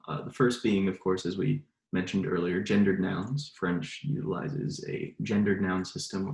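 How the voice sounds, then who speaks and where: A man's voice: sits low, creaky, darkish tone, reverberant, low-quality recording. A young man giving a class presentation, talking casually with frequent uhs. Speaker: student presenter.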